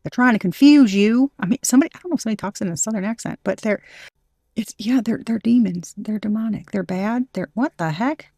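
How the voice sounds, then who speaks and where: A woman's voice: medium pitch, fast, dark tone, dry recording. Woman reading tarot, rambly and playful, lots of restarts, dry close sound. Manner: rambling, hesitant, thinking aloud with many restarts. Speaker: tarot reader.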